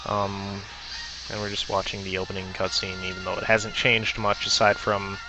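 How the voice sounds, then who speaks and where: A man's voice: lowish voice, completely flat delivery, moderate pace, over music, poor audio. A man giving casual gameplay commentary, hesitant with lots of ums and self-corrections. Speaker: let's player.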